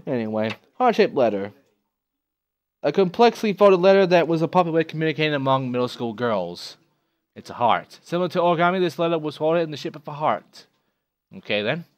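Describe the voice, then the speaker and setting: A man's voice: a little high, dry recording. A young man hosting a let's play, reading game items aloud with profane, jokey, self-mocking asides. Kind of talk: casual gameplay commentary, reading items aloud.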